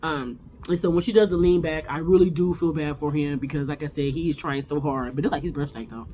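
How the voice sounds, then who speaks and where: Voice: mid-range voice, fairly even intonation, quick pace, warm tone. This host chats through a reality TV recap in a mid-range voice, rambling and opinionated, with lots of stops and restarts. A faint hum of background noise sits under the talk.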